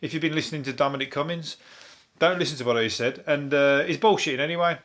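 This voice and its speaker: A man's voice: on the high side, quick pace, a bit bright. Sweary rambling Birmingham comedian man. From Birmingham, England. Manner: sweary, laughing, digressive. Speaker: comedian host. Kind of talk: rambling comic news monologue.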